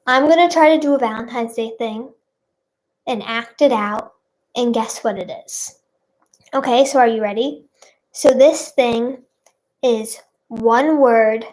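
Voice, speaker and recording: A woman's voice: fairly high pitch, a little mellow. A woman hosting a playful live stream, chatting to viewers and reading out their guesses in a bubbly way. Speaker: livestream host.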